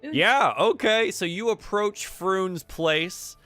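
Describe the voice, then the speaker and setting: A woman running a tabletop game, unhurried and chatty. Her pitch moves a lot, and the sound is dry and close. Faint music plays underneath. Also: dry recording. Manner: relaxed, chatty narration with fillers and laughter. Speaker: game master.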